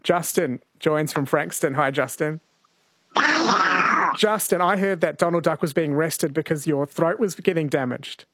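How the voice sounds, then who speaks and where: Man, radio host, easygoing, reads texts, higher pitch, dry close mic. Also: measured pace, no echo. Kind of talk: late-night talkback radio. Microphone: studio microphone.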